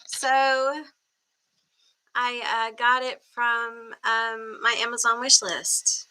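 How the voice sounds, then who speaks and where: A woman's voice: on the high side, steady tone, extremely slow, pushed and bright. A woman hosting a tarot livestream from her room, chatting casually on a webcam and greeting viewers by name. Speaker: tarot reader livestream host.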